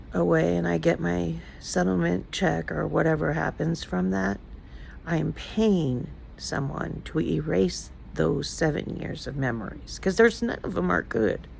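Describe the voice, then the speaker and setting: A woman's voice: low-pitched, measured pace, gravelly, a little mellow, slight background noise, low-quality recording. An older woman talking casually in a personal vlog, emotional and rambling as she confides in her viewers. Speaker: vlogger.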